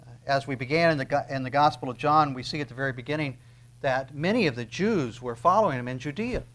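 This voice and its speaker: A middle-aged male pastor preaching a sermon, swinging from loud stressed phrases down to quiet asides. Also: fast talker. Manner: emphatic, rising to loud stresses then dropping low.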